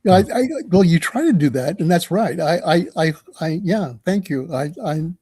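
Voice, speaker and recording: Male author guest, halting delivery, slightly high, mellow voice. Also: expressive, breathy edge, no echo. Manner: halting, many restarts. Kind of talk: casual interview chat.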